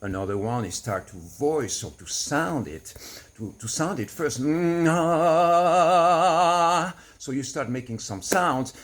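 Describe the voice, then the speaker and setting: A man coaching to camera, explaining in an earnest, patient way and laughing softly now and then. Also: medium pitch, expressive, moderate pace, husky. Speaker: relationship coach. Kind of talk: teaching to camera.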